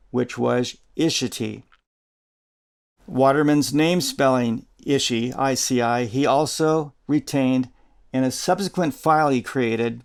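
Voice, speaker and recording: A man narrating a nonfiction audiobook in a measured, deliberate reading, spelling out names letter by letter. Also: mid-range voice, vocal fry, darkish tone, smooth.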